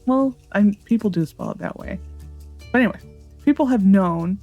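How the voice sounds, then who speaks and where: A woman's voice: medium pitch, expressive, moderate pace, creaky, warm tone, muffled recording, soft background music. A woman hosting a gaming channel, chatting casually and thinking aloud as she plays. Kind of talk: casual let's-play commentary.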